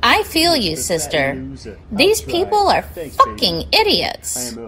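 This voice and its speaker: A woman's voice: fairly high pitch, wildly swooping pitch, slow pace, bright, forceful tone, full character voice, rough recording. A woman doing an impression of an elderly female senator, crabby and swearing. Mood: indignant. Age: older. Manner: irritable, profane grumbling.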